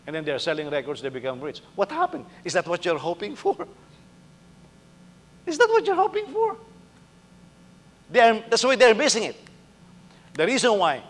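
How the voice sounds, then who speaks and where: In a sermon, a male pastor talks conversationally, playing out little dialogues and asking the congregation rhetorical questions. He has a slightly high, fairly bright voice with a long reverb tail.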